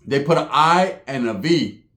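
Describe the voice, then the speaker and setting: A man's voice: on the high side, animated, moderate pace, fairly bright tone, echoey room, a little hiss or hum. A man from Southern California telling a long, profane, rambling story on stage, often tagging his lines with "right?". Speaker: stand-up comedian. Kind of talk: stand-up storytelling.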